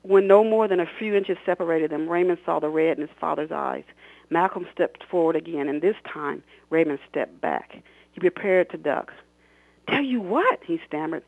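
On a dry, tinny phone line to a radio talk show, a male author reads aloud from his novel with real expression, belting out the characters' lines. Afterward he chats about the scene. His creaky voice is on the high side and moves at a normal speed.

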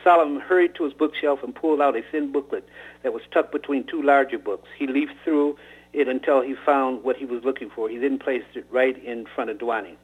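Husky man telling a story on radio. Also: mid-range voice, a little fast. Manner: casual, animated storytelling. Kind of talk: retelling and reading a novel aloud. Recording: tinny phone-like radio line.

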